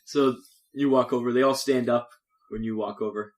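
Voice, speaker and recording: A man's voice: medium pitch, fairly even intonation, normal speed. A man narrating as game master, casual, often laughing.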